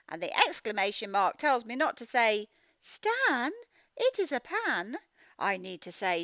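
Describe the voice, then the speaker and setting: A woman teaching phonics to young children, reading a picture book aloud and slowly sounding out each word. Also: a little high, no room sound. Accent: Australian. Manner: slow, sounding out words, expressive storybook reading.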